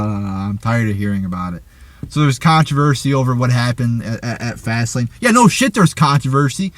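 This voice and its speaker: A man's voice: fairly high pitch, fairly bright tone, no echo. A man reviewing a wrestling show in an angry, profane rant, often stammering and repeating his words.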